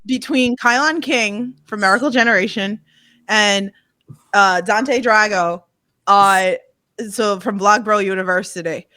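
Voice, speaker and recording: A woman's voice: mid-range voice, a little slow, no echo, clean studio sound. Hyped swearing New York woman. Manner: hyped, swears a lot, laughs loudly. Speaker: podcast co-host. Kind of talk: excited casual chat.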